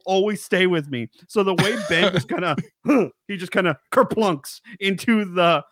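A man's voice: high voice, animated, a little slow, fairly bright tone, no echo, clean studio sound. A man co-hosting a horror film podcast, talking casually and animatedly, laughing often and breaking into quoted voices. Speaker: podcast co-host. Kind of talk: casual chat.

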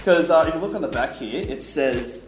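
A man's voice: on the high side, animated, a little fast, slight background noise. A man with an Australian accent interviewing a guest, chatty and jokey, with frequent hesitations. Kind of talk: casual interview.

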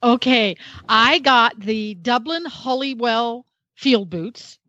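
A woman's voice: on the high side, slow, pushed and bright, no room sound, muffled recording. A woman reviewing a product on a radio talk show, chatty and detailed, with self-deprecating humor.

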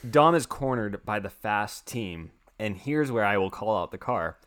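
A young man co-hosting a podcast, casually recapping a film in a rambling, excitable way and swearing freely. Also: on the low side, normal speed, smooth. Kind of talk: casual chat.

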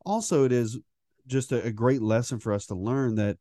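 A man's voice: mid-range voice, moderate pace, dark tone, dry recording, studio quality. A middle-aged man co-hosting a podcast, talking in a chatty, joking way. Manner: chatty and joking, with frequent restarts and laughs. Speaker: podcast co-host. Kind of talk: casual conversational podcast chat.

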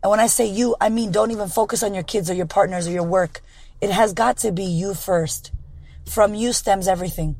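A woman podcast host with a hoarse, raspy voice, delivering a blunt, profane motivational monologue. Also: mid-range voice, a little fast, darkish tone, low-quality recording.

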